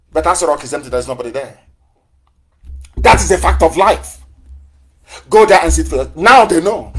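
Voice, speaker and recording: Fiery man, higher voice. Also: slightly rough. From southeastern Nigeria. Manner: fiery, repetitive rhetorical questions and taunts. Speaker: movement leader on a live broadcast. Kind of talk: impassioned live broadcast address.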